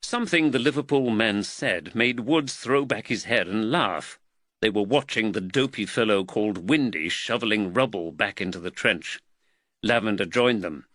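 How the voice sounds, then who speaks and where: A man narrating a period mystery audiobook in a measured, expressive way. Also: fairly low pitch, no room sound. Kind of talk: scripted narration.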